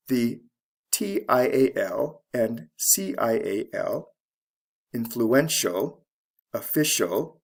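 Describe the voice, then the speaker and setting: A man teaching English pronunciation, explaining word stress slowly and deliberately and spelling out letters one by one. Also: mid-range voice, vocal fry. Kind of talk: slow instructional explanation.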